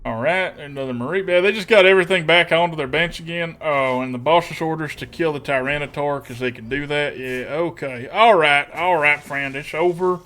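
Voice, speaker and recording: A man's voice: a little high, fairly quick, few pauses, fairly bright tone. A man streaming a card game, talking in a put-on folksy country twang and cracking self-deprecating jokes. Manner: joking, self-deprecating asides.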